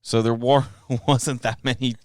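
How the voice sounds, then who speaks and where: A man's voice: medium pitch, level tone, a little slow, dry recording, clean studio sound. A man co-hosting a podcast, chatting casually in a joking, rambling way. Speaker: podcast co-host. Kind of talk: casual chat.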